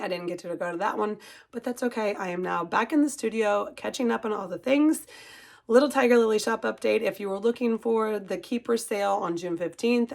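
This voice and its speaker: A middle-aged woman in a casual vlog, talking about her hobby and its friendships. She gushes, her voice gets choked with happy tears, and she pulls herself back together. Her pitch sits in the middle for a woman. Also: creaky. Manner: emotional, gushing, talks through tears. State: tearful, composing herself. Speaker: cross-stitch vlogger and shop owner. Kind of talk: casual chat to camera.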